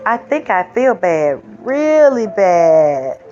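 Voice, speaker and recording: A possessive little seed boy, as a woman puts him on, boastful and emphatic, sing-song storybook style and slow-paced. Slightly dull lo-fi audio with faint music underneath. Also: mid-range voice, big pitch swings, warm tone. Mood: regretful.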